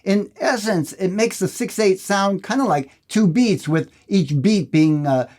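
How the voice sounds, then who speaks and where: A man with a slightly high voice teaches guitar in a friendly manner. He explains rhythm and counts the beats out loud, and guitar strumming is heard behind him. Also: a little slow. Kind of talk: guitar lesson.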